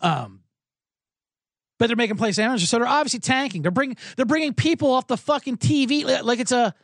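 A man's voice: very high voice, a little fast, no room sound, studio quality. A man hosting a sports betting podcast, ranting sarcastically with plenty of profanity. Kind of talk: comedic sports rant.

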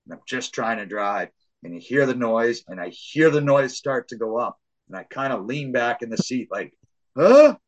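A man talking casually on a sports podcast. He tells his stories with real animation, lets the swearing fly, and acts out the shouts as he goes. His voice sits at an ordinary middle pitch. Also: normal speed, poor audio. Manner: swears freely. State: hard of hearing. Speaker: podcast host.

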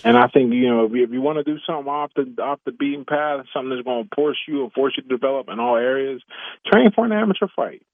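A man calling in as a guest, talking in a quick, plainspoken way with many fillers over a phone line. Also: medium pitch, steady tone, no echo. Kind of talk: casual interview chat.

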